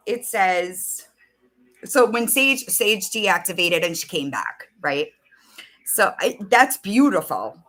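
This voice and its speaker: Woman host, bright forceful voice, casual swearing livestream chat, talks while scrolling her phone. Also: medium pitch, sing-song, slow pace. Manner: chatty, swears, reads out messages while searching her phone.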